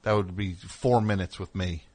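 A man's voice: low-pitched, steady tone, moderate pace, darkish tone. A man hosting a radio show, telling a story in a casual, rambling way with wry asides in the studio.

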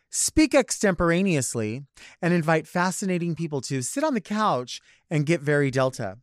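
A man's voice: fairly high pitch, big pitch swings, normal speed. A man in drag hosting a talk show, delivering a campy, theatrical comic monologue full of rambling asides. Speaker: podcast host in drag.

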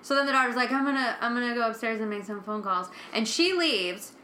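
A woman co-hosting a podcast, chatting casually and swearing as she recaps a TV episode. Her voice sits a bit high and sounds bright and forceful. The room around her is echoey, with faint ambience. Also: fast talker, a little hiss or hum. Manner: swears freely, acts out characters' lines. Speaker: podcast co-host.

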